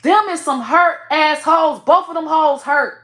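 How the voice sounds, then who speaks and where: A woman giving blunt, profane commentary with sudden loud outbursts. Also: high voice, measured pace, roomy sound. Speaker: online commentator. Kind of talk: casual commentary.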